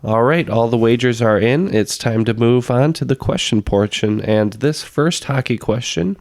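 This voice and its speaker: A man with a raspy, hoarse voice from being sick, hosting a podcast trivia game and reading the questions. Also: medium pitch, moderate pace, a little mellow, dry recording. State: hoarse from illness. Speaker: trivia quizmaster.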